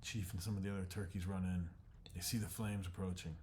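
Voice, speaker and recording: A man narrating an animated storyboard pitch in terse present tense, shot by shot, dropping into voices. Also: fast, slight background noise. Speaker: storyboard artist.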